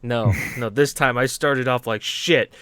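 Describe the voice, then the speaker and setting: An American man co-hosting a casual gaming podcast. He tells rambling stories, swears freely and laughs often, in a voice of ordinary pitch. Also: steady tone, unhurried, sharp tone, clean tone, dry recording, studio quality. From United States. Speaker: podcast co-host. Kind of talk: casual chat.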